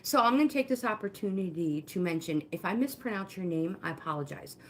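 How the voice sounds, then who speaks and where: A woman's voice: medium pitch, lively intonation, quick pace, a little hiss or hum. A middle-aged woman hosting a live walking workout, chatty and encouraging, greeting viewers by name and slightly out of breath. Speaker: fitness livestream host. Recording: roomy indoor echo.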